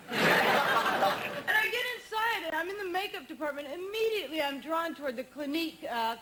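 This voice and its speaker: A woman performing a stand-up comedy routine on a TV studio stage, with a wry, punchy deadpan delivery. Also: high voice. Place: TV studio stage with a live audience. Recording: noisy old 1980s TV broadcast tape.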